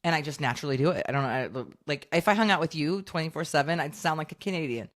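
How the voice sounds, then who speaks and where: A woman's voice: low voice, fast talker. An American woman co-hosting a casual podcast, telling a meandering story. She rambles and laughs easily, in an offhand, conversational delivery. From United States. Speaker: podcast co-host. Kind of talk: casual chat.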